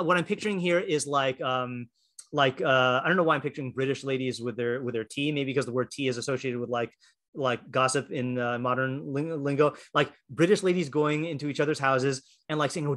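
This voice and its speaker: A man's voice: mid-range voice, a bit bright. A man teaching a Torah class in a casual, chatty way, full of fillers and restarts, reading passages aloud and explaining them.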